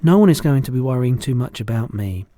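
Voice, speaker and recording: A man's voice: medium pitch, lively intonation, fairly quick, mellow, no room sound, lightly acted. A man reading as a plain-spoken orphan girl.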